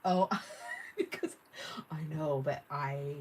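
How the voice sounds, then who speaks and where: This middle-aged craft livestreamer has a deep, darkish voice with a steady tone and slow pace. She chats casually, laughs often, and reads viewer comments aloud as she works, with slight background noise present.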